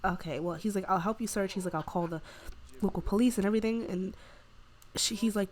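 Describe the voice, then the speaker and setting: A woman's voice: medium pitch, steady tone. Chatty woman narrating a game. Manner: rambling, heavy use of "like" and "you know"; voices the Sims' lines in quick quoted asides. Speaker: gameplay narrator. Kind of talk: casual let's-play storytelling.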